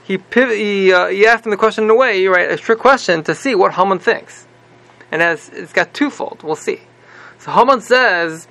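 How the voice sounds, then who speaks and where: A male teacher retells a story in a lively, casual class, tagging nearly every sentence with "right?" and restarting often. His voice is high, gravelly and bright. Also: moderate pace. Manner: animated, repeats "right?" constantly, many restarts. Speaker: religious teacher.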